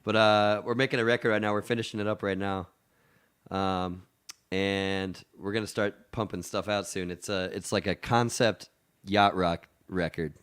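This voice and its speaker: Young man, from Texas, low voice, hesitant, rambling podcast chat. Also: steady tone, normal speed, a bit bright, clean tone. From Austin, Texas. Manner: rambling, hesitant, many fillers and restarts. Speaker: podcast guest, musician. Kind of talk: casual chat.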